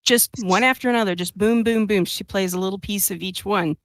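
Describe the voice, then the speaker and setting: A woman's voice: mid-range voice, brisk, no echo. A woman at a game table talks through her character's moves in a casual, chatty way, with a mid-range voice. Her voice sounds close and dry, with no room around it. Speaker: player.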